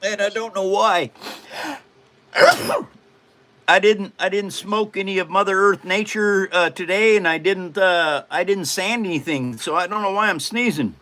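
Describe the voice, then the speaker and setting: A man's voice: high-pitched, unhurried, bright, forceful tone. A man in his seventies hosting a casual livestream, joking and rambling with frequent laughs. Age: 70s. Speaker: livestream host.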